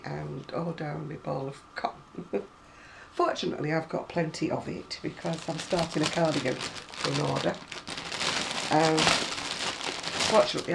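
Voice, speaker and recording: A middle-aged woman talks casually to camera in a gravelly, creaky voice. She rambles from one story to the next and breaks into ranting asides. Faint background hiss sits under her voice. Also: sits low. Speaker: crafting vlogger.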